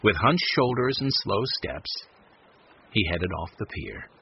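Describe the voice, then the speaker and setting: A man narrating a children's storybook chapter in an expressive, scripted reading. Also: fairly low pitch, a little slow, slight background noise. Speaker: audiobook narrator. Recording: slightly muffled audiobook recording.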